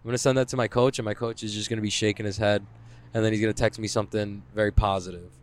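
A man's voice: on the low side, flat delivery, racing. A man hosting a casual solo podcast from his car while driving, talking in a profane, rambling, self-mocking way. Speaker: podcast host. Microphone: headphones with mic.

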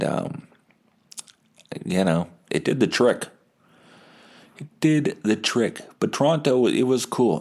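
A man hosting a podcast, telling a profane, laughing story from his bed and acting out the people in it. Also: fairly low pitch. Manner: profane, laughing, animated anecdote with voice impressions. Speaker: podcast host. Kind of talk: casual storytelling.

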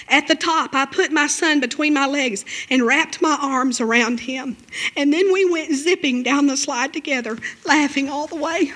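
A woman's voice: high-pitched, a bit bright. A woman preaching a sermon in church, emotional and fervent, with frequent amens and hallelujahs.

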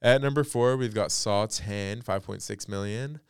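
A man's voice: on the low side, measured pace, clear, resonant tone, dry recording, clean studio sound. A young man hosting a casual pop culture podcast alone, chatty and blunt, with lots of fillers and some swearing. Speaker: podcast and radio host.

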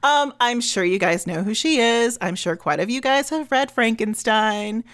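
A woman's voice: fairly high pitch, animated, moderate pace, a bit bright. A woman co-hosting a podcast, chatting casually with lots of ums and giggles. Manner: chatty, filler-heavy, giggly. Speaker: podcast co-host. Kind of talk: casual chat.

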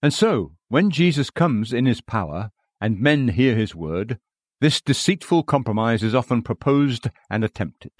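A man reads a sermon aloud in an earnest, exhorting manner. His voice sits in a middle male pitch. The recording is dry, with no room sound. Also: big pitch swings, measured pace, no echo.

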